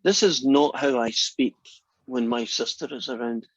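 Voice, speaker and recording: A man's voice: medium pitch, moderate pace, no room sound, dull audio. A Scottish man giving a math lecture in a classroom, chatty and often restarting his sentences. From Scotland.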